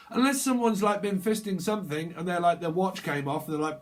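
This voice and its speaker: A man's voice: sits high, lively intonation, moderate pace, pauses often. A man giving a rambling, jokey tarot reading, laughing often between his thoughts. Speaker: tarot reader. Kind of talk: casual tarot reading monologue.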